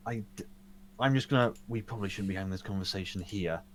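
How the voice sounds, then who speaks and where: A man's voice: on the low side, fast, crowd noise. A man speaking through an old headset, playing in a tabletop game and making dry, wry remarks. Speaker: player. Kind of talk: casual chat and in-character role-play. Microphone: old headset on a voice call.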